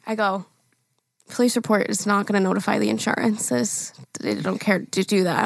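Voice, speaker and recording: A woman's voice: mid-range voice, steady tone, normal speed, vocal fry, no echo. A young woman co-hosting a podcast, telling a story in casual chat, acting out quotes and laughing often. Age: young adult. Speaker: podcast co-host.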